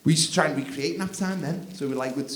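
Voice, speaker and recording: A man doing live stand-up comedy on a theatre stage, swinging from mumbled asides to shouted outbursts. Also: fairly high pitch, fast talker, a little hiss or hum. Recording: roomy live theatre recording with crowd. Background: laughing audience.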